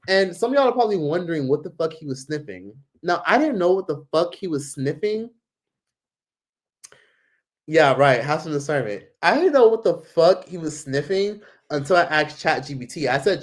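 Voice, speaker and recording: A man's voice: on the high side, big pitch swings, a little fast. A man casually telling a travel story to camera, rambling, swearing freely and leaning on filler words. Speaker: vlogger.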